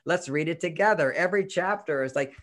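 Higher-voiced man explaining with lively quotes. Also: fairly quick. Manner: animated, acts out quoted voices, chuckles often. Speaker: relationship author and expert guest. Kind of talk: casual interview talk.

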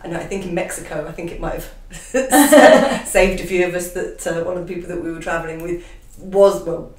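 A woman's voice: fairly low pitch, fairly quick. A woman chatting casually as a co-host, laughing often between her remarks. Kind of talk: casual chat. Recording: echoey room, mic at a distance.

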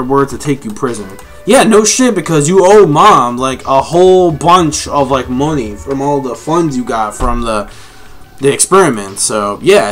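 A man reviewing a comic chapter live, reading panels aloud and reacting excitedly with lots of swearing. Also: mid-range voice. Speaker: manga reviewer.

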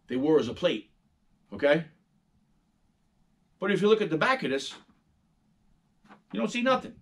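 Husky middle-aged New man. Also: on the high side. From New York. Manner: animated, profane storytelling, acting out quoted voices. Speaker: host. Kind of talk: casual monologue.

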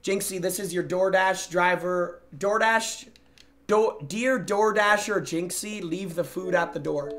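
Reacting to viewer gameplay clips on a live stream, this young man teases and gets excitable, lurching from shouts to mutters. His voice is high-pitched and his delivery a little slow.

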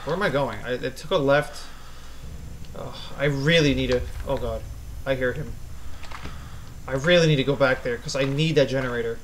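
A man commentating a horror game as he plays, easily spooked, swearing and yelling at the monster. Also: mid-range voice, normal speed, long pauses, a little hiss or hum, low-quality recording. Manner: jumpy, swears a lot, yells at the monster. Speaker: gaming channel host.

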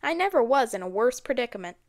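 A woman reading an audiobook, voicing an eager, lively young girl detective. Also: fairly high pitch, quick pace, no room sound, clean studio sound.

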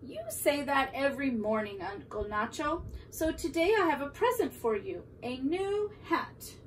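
A woman's voice: sits high, animated, a little slow. A woman voicing a cheerful, eager young girl who dotes on her uncle, recorded from a distance with faint room noise. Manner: bright, eager and affectionate.

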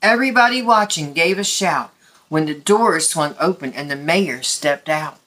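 A woman reading a picture book aloud at story time, gently and expressively for young children. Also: sits low, expressive, moderate pace.

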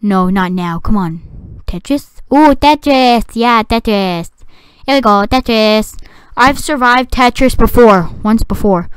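Excitable young-sounding woman gaming commentator. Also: on the high side, slow, clean tone, no echo. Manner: excitable, shouts and squeals at the game. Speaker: gaming video creator.

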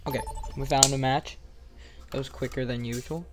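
A young adult doing casual gameplay commentary, excitable, yelping and joking about themselves. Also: medium pitch, normal speed. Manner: excitable, yelps and self-mocking banter. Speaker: gaming channel host. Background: game music and gunfire.

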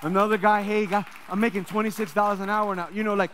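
A male pastor preaching a sermon, swinging between loud rallying calls and low, confiding asides. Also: fairly even intonation, fast, few pauses.

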